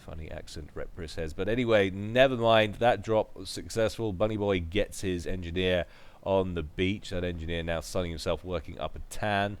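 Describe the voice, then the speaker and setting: A man commentating a strategy match in a relaxed, chatty way. His voice sits a bit low, and he drops in joking asides between the calls. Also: moderate pace, clean tone. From United Kingdom. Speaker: game commentator. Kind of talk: casual play-by-play commentary.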